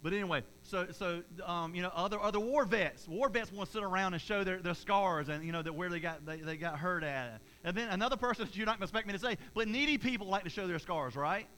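A man's voice: high-pitched, quick pace, few pauses, sharp tone, a little hiss or hum, poor audio. A male pastor preaching a conversational sermon to his congregation, with many stammered restarts and repeated words. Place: church service before a congregation.

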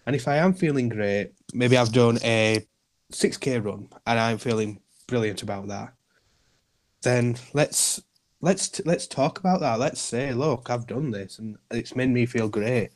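Guy on a podcast, earnest and reassuring, mid-pitched, keeps repeating himself. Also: unhurried. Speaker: guest, community group founder. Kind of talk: podcast interview.

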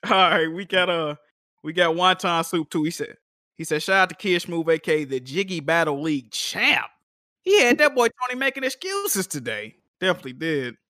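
Lively high-voiced man reading chat. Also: moderate pace, no room sound, clean studio sound. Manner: laughing, reads viewer comments aloud. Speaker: podcast co-host reading chat. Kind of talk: casual chat.

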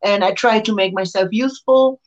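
A woman wrestler, not her first tongue, tells her story with lively energy, jumping up in pitch whenever she acts out what someone said. Her voice sits at an ordinary middle pitch. The audio is somewhat dull and lo-fi. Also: brisk. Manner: excitable, acts out quotes with big jumps in pitch. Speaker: wrestler, interview guest. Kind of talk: animated storytelling in an interview.

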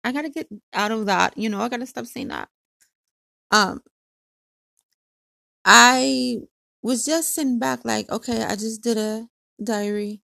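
A woman's voice: a little high, unhurried, gravelly, pauses often, bright, forceful tone, no room sound, clean studio sound. A woman hosting her own podcast, telling a casual story in a chatty way, laughing often and acting out what others said. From Hawaii. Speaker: podcast host.

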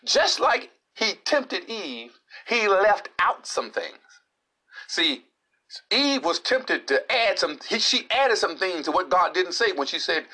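Animated, high-voiced male preacher. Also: a little slow. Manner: animated, pitch swinging widely with restarts. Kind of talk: sermon with scripture reading.

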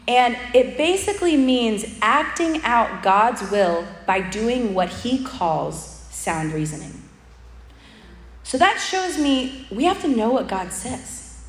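A young woman giving a humorous, chatty sermon with personal stories and many asides. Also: a little high. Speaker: speaker at a church event. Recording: echoey hall with long reverb.

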